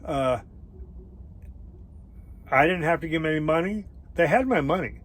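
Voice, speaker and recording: A man's voice: fairly high pitch, expressive, low-quality recording. Rambling man telling a travel story. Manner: rambling, halting, many fillers and restarts. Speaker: travel vlogger. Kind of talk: casual storytelling.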